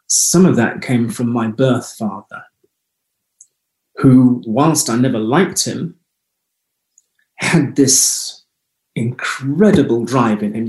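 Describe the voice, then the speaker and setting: A man's voice: medium pitch, darkish tone, echoey room, rough recording. A man from the United Kingdom, a guest on an interview show, telling reflective personal stories in a conversational way. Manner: reflective, anecdotal storyteller. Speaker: guest, holistic health clinic founder.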